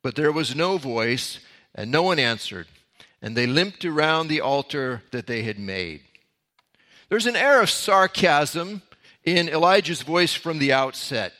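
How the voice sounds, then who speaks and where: A man's voice: a little high, lively intonation, measured pace, pushed and bright. A man preaching a sermon, reading verses aloud and explaining them with casual asides. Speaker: pastor.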